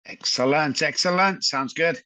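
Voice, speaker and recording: A middle-aged man with a Manchester English accent, a guest on a podcast telling his life story in a lively, chatty way. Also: a little high, a little slow, no room sound. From England. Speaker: guest, addiction recovery expert.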